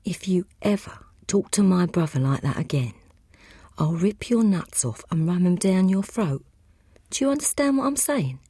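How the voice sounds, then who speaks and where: A woman voicing a menacing, hot-tempered young gangster man, threatening and rising to shouts. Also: high voice, expressive, moderate pace, dry recording, voice pushed up.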